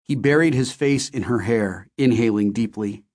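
A man reading a first-person novel aloud in a steady, measured storytelling manner. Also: mid-range voice. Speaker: audiobook narrator.

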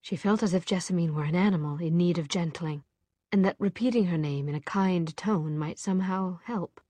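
A woman narrating a novel in a measured, expressive storytelling voice. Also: fairly low pitch, no echo. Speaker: audiobook narrator. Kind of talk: scripted narration.

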